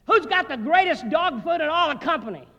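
A man voicing an excited male sales manager who shouts rousing questions to his staff, in a reverberant hall. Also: extremely high pitch, a little fast, dull audio, voice pushed up, full character voice.

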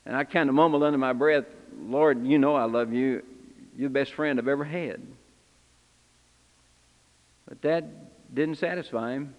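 A man portraying Simon Peter, the impulsive fisherman who became an apostle, delivers an earnest, confessional first-person sermon to a congregation. His voice sits high for a man, and it rings out with a long reverb through a church hall. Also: brisk, lo-fi sound, close to an everyday voice. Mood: stirred. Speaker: preacher in character.

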